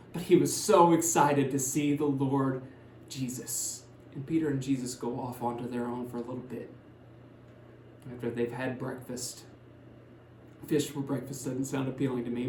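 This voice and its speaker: A male pastor tells a Bible story in a relaxed, conversational sermon voice, dropping low for some lines and lifting it for others. His voice sits at a middle pitch. The church room adds a noticeable echo over a faint background hum. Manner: conversational storytelling with shifts between loud and hushed. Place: church sanctuary.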